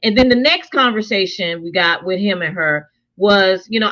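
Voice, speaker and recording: Chatty woman with a bright, dull-sounding voice. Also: medium pitch, moderate pace, hardly any pauses. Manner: conversational, animated, quotes characters in her own voice. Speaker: show co-host reviewing a TV series. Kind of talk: casual review chat.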